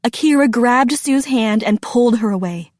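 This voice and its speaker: A woman narrating a children's storybook with a steady, deliberate reading. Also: a little high, no echo, clean studio sound.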